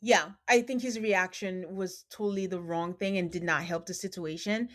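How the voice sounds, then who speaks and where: A woman's voice: on the low side, normal speed. A woman hosting a podcast, casually recapping a reality show and acting out what people said. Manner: quotes people in animated retellings. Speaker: podcast host.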